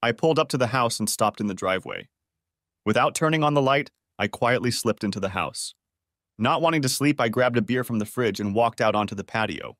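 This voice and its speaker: Male audiobook narrator, mid-range voice, steady first-person storytelling. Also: mid-range voice, brisk, no room sound, studio quality.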